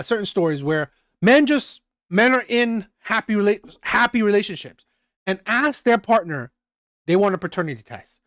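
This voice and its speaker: Male commentator, emphatic, repeats himself, lively intonation, dry close mic. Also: high voice, no echo. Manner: emphatic, repetitive, restarts sentences. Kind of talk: reaction commentary.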